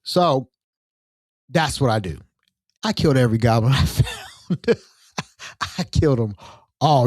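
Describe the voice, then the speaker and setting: A man's voice: medium pitch, moderate pace, long pauses, a little mellow, no echo. A young adult man hosting a solo podcast, his voice sitting in the middle of the male range. He tells stories in a loose, slangy way and jumps into character voices for quotes. He is recorded close and dry, with no room sound. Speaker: podcast host. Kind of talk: casual solo storytelling.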